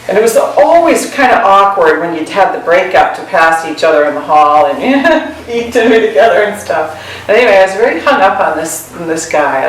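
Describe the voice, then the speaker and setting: A woman's voice: lowish voice, a little hiss or hum. A woman Zen teacher giving a chatty dharma talk, laughing often and telling stories about herself. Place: meditation hall. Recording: echoey room, mic far off.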